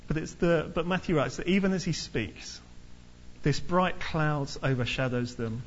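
A man preaching a sermon in a lively storytelling manner, acting out the people in the story. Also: fairly high pitch, normal speed, muffled recording, slight background noise. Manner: lively storytelling, acts out characters.

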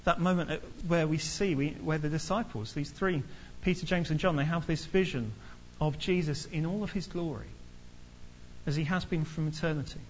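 A man preaching a sermon in a lively storytelling manner, acting out the people in the story. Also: fairly high pitch, moderate pace, dull audio, slight background noise. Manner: lively storytelling, acts out characters.

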